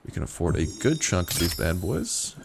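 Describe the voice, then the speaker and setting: A man's voice: deep voice, sing-song, moderate pace, gravelly, slight background noise. A young man casually commentating a survival game, playful and joking with profane asides. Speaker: gameplay commentator. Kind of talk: casual let's-play commentary.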